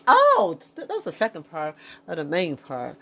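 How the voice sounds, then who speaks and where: Her voice is low and gravelly, swooping wildly in pitch at a normal pace. She's a woman podcasting solo without a script, rambling frankly and swearing, piling up fillers and restarts and talking to herself as she checks her notes.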